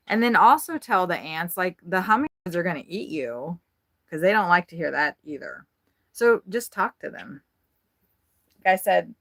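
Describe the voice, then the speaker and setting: A woman's voice: on the low side, gravelly, fairly bright tone, no room sound, studio quality. A woman vlogger giving a rambling, frank tour of her RV, chatting casually and swearing freely. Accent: Midwestern American. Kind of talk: casual chat. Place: inside an RV.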